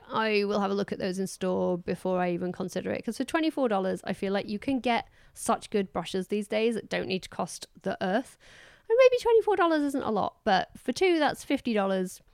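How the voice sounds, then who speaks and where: A woman's voice: medium pitch, smooth, dry recording. Chatty British woman, dry close sound. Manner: chatty, animated, rambling asides. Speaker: beauty podcast host. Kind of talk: casual chat.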